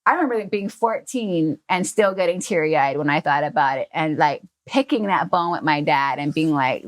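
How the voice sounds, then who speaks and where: A woman, a podcast guest, telling a childhood story in a casual, animated way. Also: low voice, moderate pace, few pauses. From Hawaii. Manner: animated storyteller who acts out quoted family members.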